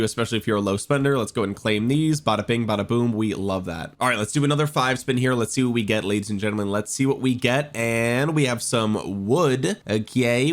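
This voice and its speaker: A young man with a cold, doing excitable gameplay commentary as a video creator. He talks straight to his viewers and swings between griping and cheering. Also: mid-range voice. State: recovering from a cold.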